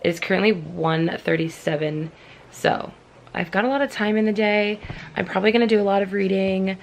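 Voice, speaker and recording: A woman's voice: mid-range voice, a little fast, gravelly, slight background noise. A young woman from Southern California chatting casually in a home vlog, rambling with lots of fillers and small laughs. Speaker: book vlogger. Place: at home indoors.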